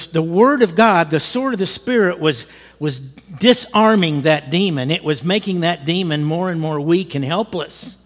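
Man preaching in a reverberant hall. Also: high voice. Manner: lively storyteller, acts out quotes, chuckles while telling. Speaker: pastor. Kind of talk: storytelling sermon. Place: church.

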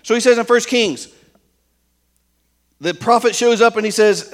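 High-voiced emphatic male preacher. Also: measured pace. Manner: emphatic, fires rhetorical questions at the congregation. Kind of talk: sermon.

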